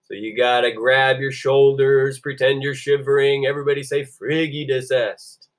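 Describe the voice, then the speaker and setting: A man teaching a Latin lesson to a class, asking everyone to repeat phrases and saying the Latin words slowly and clearly. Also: mid-range voice, flat delivery. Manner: call-and-response, drawing out Latin phrases slowly. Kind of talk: classroom-style video lesson.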